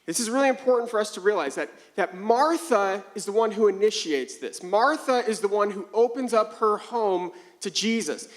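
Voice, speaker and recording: A young male pastor preaching with a high, bright voice. He tells his stories in an animated way, acting out both sides of a conversation before turning to scripture. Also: normal speed, few pauses. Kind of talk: sermon.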